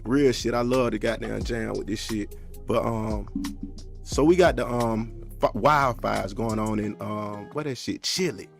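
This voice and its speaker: A man's voice: fairly low pitch, a little slow, vocal fry, faint music behind. A man hosting a casual, unscripted podcast, rambling in loose slang with lots of fillers and asides. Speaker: podcast host.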